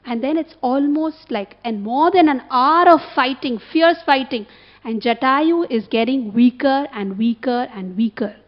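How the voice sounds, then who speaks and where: A woman's voice: high voice, measured pace. A woman gives a sermon, telling a story and checking in with her listeners through short questions. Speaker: temple speaker. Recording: dull lo-fi recording.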